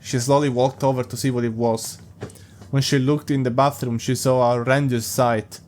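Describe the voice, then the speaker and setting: A man's voice: medium pitch, level tone, normal speed, a little mellow, a little hiss or hum. A man hosting a podcast, reading a story aloud and breaking off for amused, sarcastic commentary. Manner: amused, sarcastic asides, laughs often. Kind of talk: casual reading with mocking commentary.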